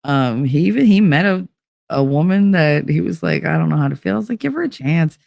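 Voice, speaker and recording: A woman's voice: low voice, sing-song, brisk, gravelly, darkish tone, dry recording. A middle-aged woman, telling a story in casual, profane podcast chat, laughing and acting out the voices of the people in it. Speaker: podcast host.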